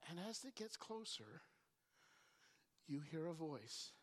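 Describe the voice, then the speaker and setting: A woman preaching a sermon, telling the story with animated energy and often repeating words as she starts a thought. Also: sits low, a little slow. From Canada. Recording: long reverb in a large hall.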